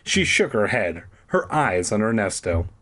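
A man reading a story aloud for comedy, with sarcastic, profane, deadpan asides. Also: on the low side, unhurried. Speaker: audiobook reader.

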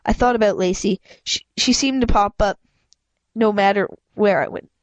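A woman's voice: medium pitch, moderate pace, no room sound, highs cut off. A woman with a head cold reading a children's story aloud in a casual, stumbling way, often restarting words and making asides. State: stuffed up with a cold. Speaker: amateur audiobook reader. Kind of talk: casual read-aloud narration.

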